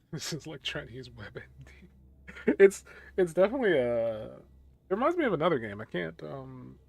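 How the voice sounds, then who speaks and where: A man's voice: fairly high pitch, very animated, a little slow, creaky, darkish tone. A tired male streamer making casual, self-mocking commentary while playing a game. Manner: self-mocking, laughing asides.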